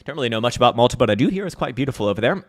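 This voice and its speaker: A man's voice: mid-range voice, expressive, racing. A man hosting a casual livestream market update at home, reading chat with profane jokes and frequent laughs. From United States. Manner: profane, joking, laughs often. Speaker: host.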